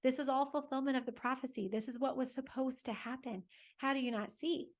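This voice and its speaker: A woman voicing Jesus as a patient male teacher who gently chides two disciples for not understanding. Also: high voice, fairly even intonation, fairly quick, voice pushed up. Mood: gently chiding. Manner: gently chiding, questioning.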